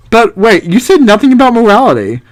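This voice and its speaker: A man voicing an earnest young male philosopher hero in a game, lively and incredulous. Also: sits high, normal speed, voice pushed up.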